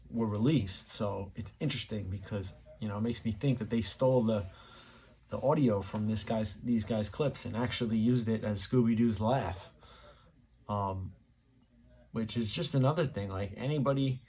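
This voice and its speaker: Husky-voiced man musing casually. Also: medium pitch, darkish tone. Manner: rambling, musing, many fillers. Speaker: channel host. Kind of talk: casual talk to camera.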